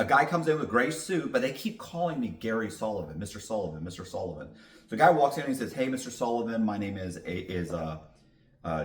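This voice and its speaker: A man tells a long story as a podcast guest in a casual, blunt way, swearing freely. His voice sits low, but his pitch swings widely as he talks. The room around him rings with a clear echo. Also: recorded from a distance. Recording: roomy echo.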